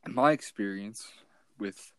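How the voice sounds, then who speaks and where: A man's voice: fairly low pitch, takes it slowly, no room sound. A young man co-hosting a podcast in casual chat, making dry jokes and laughing through his own story. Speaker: podcast co-host.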